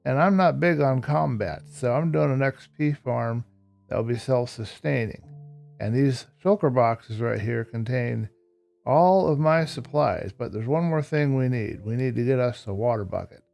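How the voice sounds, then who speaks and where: A man talks through his Minecraft gameplay in an easygoing, slightly sleepy way, with a gravelly edge to his voice. His tone is mellow and dark, and he explains each step carefully as he builds. Light background music plays softly beneath him. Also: mid-range voice, moderate pace. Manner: tired, yawning, explains step by step. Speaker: Minecraft YouTuber. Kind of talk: casual gameplay commentary.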